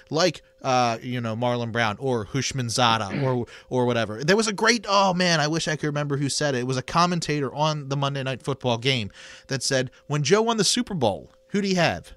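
A man's voice: mid-range voice, expressive, brisk, fairly bright tone, no room sound. A man co-hosting a casual sports talk show, making his case by asking questions and answering them himself. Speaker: sports podcast co-host.

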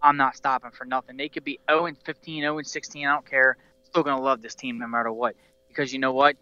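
Guy ranting about his football team, bright crisp voice, dry slightly dull audio. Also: medium pitch, fairly even intonation, fast, no echo. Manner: rambling, passionate fan, many restarts. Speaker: podcast host. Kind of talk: casual sports talk.

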